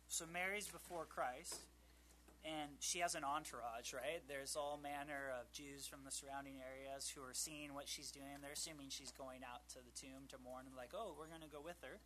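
A man's voice: mid-range voice, normal speed. Guy teaching a bible class, loose and chatty, joking asides, light hum in the background. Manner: conversational, filler-heavy, animated joking asides.

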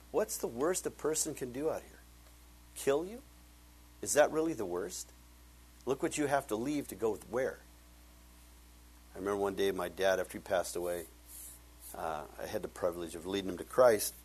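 A man preaching a sermon, reading scripture with loud emphatic rises and dropping to quiet asides for personal stories. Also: lowish voice, husky. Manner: tells personal stories with laughter. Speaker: pastor.

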